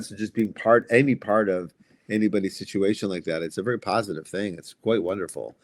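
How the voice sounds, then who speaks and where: Low halting man, dry studio sound. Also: fairly even intonation, no room sound. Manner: halting, restarts often, reflective. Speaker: guest comic writer. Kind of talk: casual podcast conversation.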